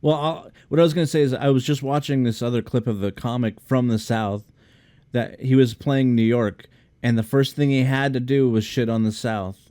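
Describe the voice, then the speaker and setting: A man's voice: medium pitch, steady tone, normal speed, a little mellow. A man co-hosting a podcast in casual chat, easygoing and mostly backing up the other host. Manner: easygoing, backchannels a lot.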